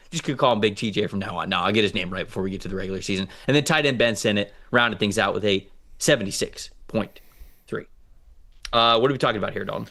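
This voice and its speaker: A man co-hosting a football show, reading out player grades and stats in a casual, animated way. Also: lowish voice, quick pace. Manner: reads out stats, animated and joking. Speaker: co-host, football analyst. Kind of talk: casual sports analysis chat.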